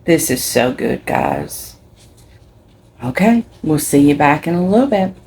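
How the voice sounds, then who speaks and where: A woman's voice: low-pitched, wildly swooping pitch, unhurried, vocal fry, darkish tone, breathy edge, rough recording. An older woman with a Kentucky accent hosting a casual home cooking vlog, chatting and explaining each step as she goes. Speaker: cooking channel host.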